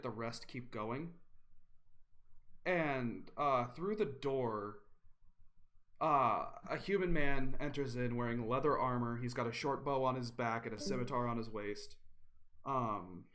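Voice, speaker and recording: A man's voice: medium pitch, a little slow. Guy running a tabletop game, chill, lots of ums. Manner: relaxed with many ums and uhs. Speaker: game master.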